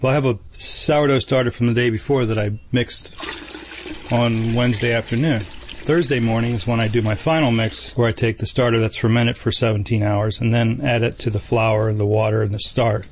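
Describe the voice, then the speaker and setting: A man baking in his basement bakery, explaining his process in a relaxed, matter-of-fact way. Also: mid-range voice, moderate pace, slight background noise. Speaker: home baker.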